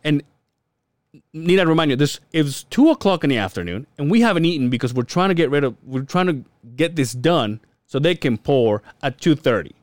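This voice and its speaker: Male co-host, animated raconteur with a lively swinging pitch and a dry close sound. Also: a little fast, no room sound. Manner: animated storyteller, acts out quotes, swears, laughs often. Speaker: podcast co-host. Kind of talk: casual storytelling chat.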